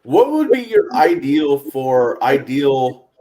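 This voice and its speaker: A man's voice: medium pitch, sing-song, takes it slowly, mellow. Rambling, reflective man on a podcast. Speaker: podcast co-host. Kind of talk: casual podcast chat.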